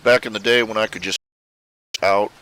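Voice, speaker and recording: Middle-aged man, lowish bright voice, halting casual artist commentary. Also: fairly even intonation, clear, resonant tone, low-quality recording. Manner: halting, full of "uh" fillers. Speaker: artist showing his commissions.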